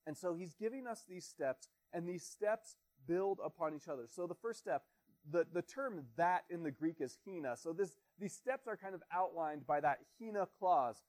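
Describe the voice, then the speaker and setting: A pastor in his thirties delivers a sermon in a notably high voice. He talks earnestly and plainly, posing rhetorical questions to his listeners. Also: expressive, normal speed, darkish tone.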